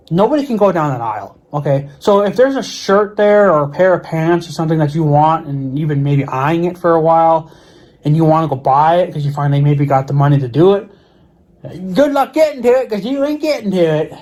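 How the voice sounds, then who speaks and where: Slightly high and a touch mellow, this middle-aged man's voice carries a casual, angry vlog rant from home near his mower and four-wheeler. He curses a lot, sounds exasperated, repeats himself, and stumbles over his words.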